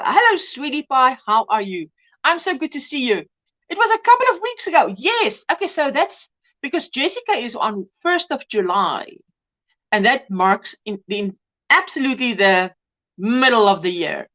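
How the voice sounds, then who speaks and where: A woman's voice: high-pitched, very animated, normal speed, fairly bright tone. A woman hosting a casual crochet livestream, chatting, exclaiming over projects and greeting viewers by name. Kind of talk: casual live-stream chat.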